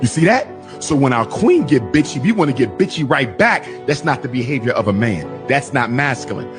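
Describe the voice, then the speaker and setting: Male advice speaker, mid pitch, slangy and animated, music bed in the clip. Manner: animated, slangy, acts out dialogue. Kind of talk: casual advice talk.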